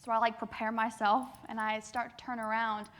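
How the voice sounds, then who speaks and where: A young woman giving a keynote speech to a youth assembly, telling lively stories with acted-out quotes. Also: fairly high pitch, normal speed. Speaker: keynote speaker. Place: large assembly hall.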